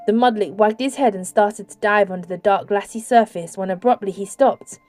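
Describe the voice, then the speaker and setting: Woman audiobook narrator, measured and steady, mellow timbre, dry close-mic sound. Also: medium pitch, no room sound.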